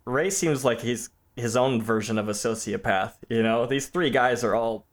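A man co-hosting a film podcast in casual discussion, chatty and quick to laugh, often stammering as he restarts a thought. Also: mid-range voice. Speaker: podcast co-host.

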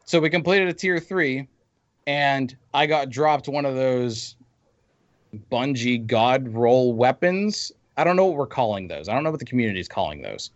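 A man's voice: medium pitch, expressive, normal speed, no echo. Man, casual gaming chat, vents and rambles, dull dry lo-fi mic. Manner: venting, rambling with restarts.

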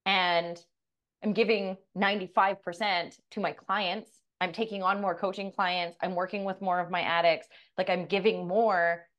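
A woman's voice: medium pitch, a bit bright, highs cut off. A middle-aged woman co-hosting a podcast, telling a personal story with blunt, profane candor and acting out the dialogue. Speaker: podcast co-host, coach.

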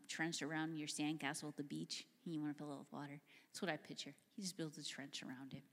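A woman preaching a sermon, retelling a story in an animated, conversational way that drops into hushed tones. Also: low voice. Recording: long hall reverb.

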